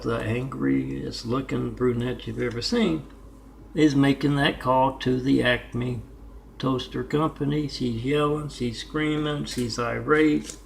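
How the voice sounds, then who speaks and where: A man's voice: medium pitch, gravelly, slight background noise. A man talking casually on his art vlog, rambling between stories and repeatedly spelling out his web addresses. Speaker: artist vlogger.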